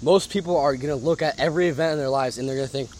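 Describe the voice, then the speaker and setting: A man's voice: a little high, rapid-fire, darkish tone, slight background noise. A young adult man hosting a podcast, talking casually and emphatically, swearing and laughing often. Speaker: podcast host. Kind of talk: casual motivational monologue.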